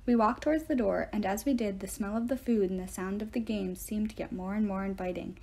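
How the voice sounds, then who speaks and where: A woman reading a novel aloud in the first person with expressive storytelling. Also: mid-range voice, fairly quick, creaky, poor audio. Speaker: reader of audiobook chapters.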